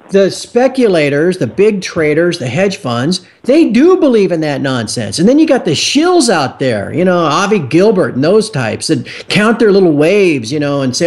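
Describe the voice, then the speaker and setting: A man's voice: high voice, darkish tone. A man hosting a podcast, angry, sarcastic and worked up in a heated rant. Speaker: host.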